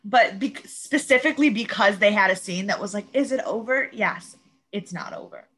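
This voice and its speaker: A woman's voice: mid-range voice, normal speed, husky, low-quality recording. A woman co-hosting a podcast, casually recapping a TV episode and acting out what the characters said. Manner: animated retelling, quoting characters. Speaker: podcast co-host.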